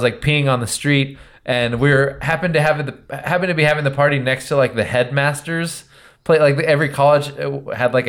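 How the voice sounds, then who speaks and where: A man hosting a casual comedy podcast, telling stories in a loose, rambling way with lots of fillers. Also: mid-range voice. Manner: rambling storyteller, frequent fillers. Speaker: podcast host.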